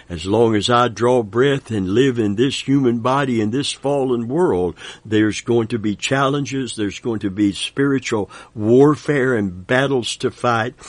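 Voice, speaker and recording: A man's voice: mid-range voice, no room sound. A man in his seventies preaching a sermon with an emphatic, repetitive cadence, quoting scripture and praising God. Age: 70s.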